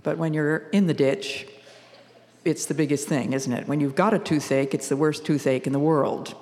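A woman's voice: low voice, steady tone, a little mellow, in a large hall. Older woman giving an earnest devotional talk. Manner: earnest, measured, quotes scripture. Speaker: radio devotional speaker.

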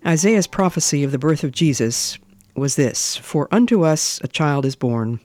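A woman giving a slow, deliberate radio devotional talk as a Bible teacher, stressing words and sometimes dropping to a near whisper. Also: deep voice, lively intonation, a little mellow, faint music behind.

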